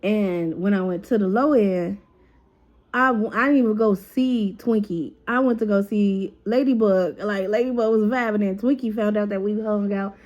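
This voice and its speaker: Woman, storytime vlogger, mellow voice, dull lo-fi sound, lively and profane. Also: mid-range voice, normal speed. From Chicago. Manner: lively, profane, acts out others' lines in voices. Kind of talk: casual storytime.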